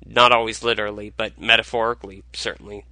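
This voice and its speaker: A tired man hosting a casual solo podcast, talking in a halting way with many fillers and restarts. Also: on the low side, level tone, sharp tone, dry recording, poor audio. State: tired, low on energy. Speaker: podcast host.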